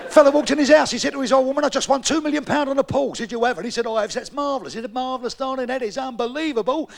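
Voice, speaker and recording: Cockney stand-up, gravelly, high-pitched and bawdy, live on a handheld mic. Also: male voice. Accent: London Cockney. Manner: brash, bawdy joke-telling with punchy delivery. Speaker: stand-up comedian. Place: comedy club stage. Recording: live club recording with crowd. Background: audience murmur and laughter.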